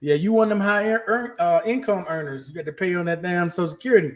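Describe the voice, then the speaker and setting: Blunt high-voiced man hosting a podcast. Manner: blunt, salty, fast-talking. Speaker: podcast host. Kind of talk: casual podcast talk.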